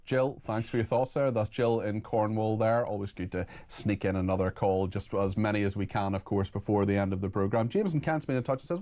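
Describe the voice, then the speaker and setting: Brisk low-voiced radio host, man. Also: steady tone, a little mellow. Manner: brisk, reads messages aloud quickly. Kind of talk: talk radio hosting and reading listener messages. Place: radio studio.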